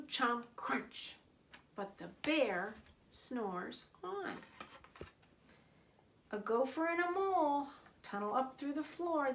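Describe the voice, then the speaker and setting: A woman reading a picture book aloud to children in an expressive, sing-song way. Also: high voice. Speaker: storyteller.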